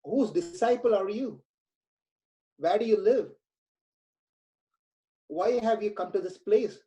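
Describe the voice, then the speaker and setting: A man acts out a humbled king, firing off urgent questions at a mysterious sage. His voice rises higher and stays mellow. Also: slow, lo-fi sound. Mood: awed questioning. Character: humbled male king, awed and pleading.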